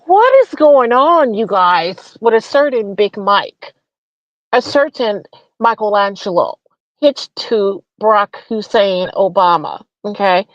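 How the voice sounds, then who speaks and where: A woman's voice: medium pitch, expressive, slow, no echo. A woman hosting a comedic political rant, mocking and profane, firing off rhetorical questions. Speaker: host. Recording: dull lo-fi recording.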